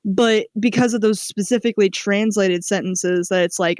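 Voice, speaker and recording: Midwestern podcast cohost, rambling casual chatter, mid pitch, dry close mic. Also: fairly even intonation, normal speed, no echo. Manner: rambling, many fillers and restarts. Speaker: let's-play podcast cohost. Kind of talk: casual chat.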